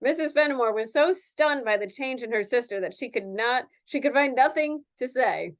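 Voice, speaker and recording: High-voiced woman reading a novel aloud. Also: lively intonation, moderate pace. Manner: laughs often, breaks off to comment. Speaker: reader.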